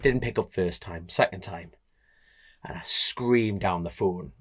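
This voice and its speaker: A young Geordie man tells a racing story on a podcast, his pitch jumping up and down as he plays every part. He laughs through it, loose and chatty. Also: normal speed, breathy edge. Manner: animated storyteller, acts out voices, laughs often. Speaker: podcast co-host, road racer. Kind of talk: casual chat, storytelling.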